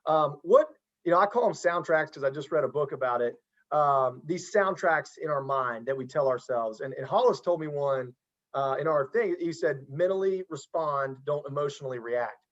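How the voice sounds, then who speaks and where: A man's voice: on the high side, lively intonation, normal speed, fairly bright tone, lo-fi sound. A man hosting a casual podcast interview as a football coach, earnest and encouraging, often restarting his sentences.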